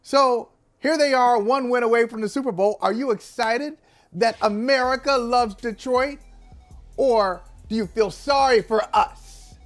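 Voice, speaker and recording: A man's voice: very high-pitched, unhurried, faint music behind. A man co-hosting a casual sports talk show, teasing his co-host with rambling questions full of restarts.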